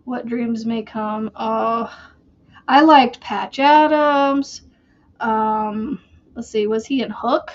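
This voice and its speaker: A woman's voice: a little high, highs cut off. A woman hosting a crochet channel, chatting casually and rambling while she works. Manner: slow, rambling, chatty with fillers.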